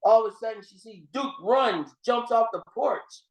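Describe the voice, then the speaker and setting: A man's voice: extremely high pitch, normal speed. A man giving a motivational seminar talk, preaching, repeating his phrases and calling his listeners "gang" as he tells a story. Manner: storytelling with restarts and emphatic swings. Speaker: seminar speaker. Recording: roomy echo.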